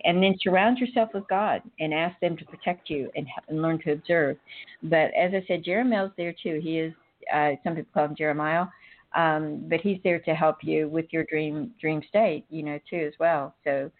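A woman's voice: deep voice, fairly even intonation, moderate pace. A middle-aged woman hosting a casual spiritual chat, rambling and laughing often. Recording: phone-like narrow audio.

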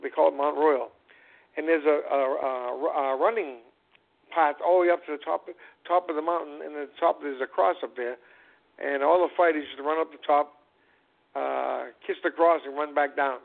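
Former champ boxer, male, rambling storyteller with a gravelly voice on a narrow phone-like line. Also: fairly high pitch, fairly even intonation, normal speed. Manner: rambling, repeats words and restarts, acts out quoted voices. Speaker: former world boxing champion telling his life story. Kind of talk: conversational storytelling interview. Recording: phone-like narrow band radio audio.

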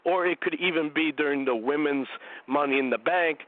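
A man's voice: fairly high pitch, brisk. A man hosting a wrestling radio show alone, eagerly rambling through his opinions while a bit out of breath from a cold. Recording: tinny phone-like dry line.

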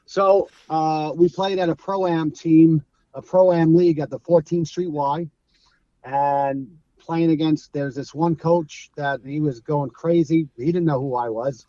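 Talking a little slowly in a voice on the high side, a middle-aged former streetball player from Brooklyn tells stories as a guest in a casual interview. He has a New York accent, animatedly performs the voices in his stories, and laughs often. The recording has no echo but sounds muffled.

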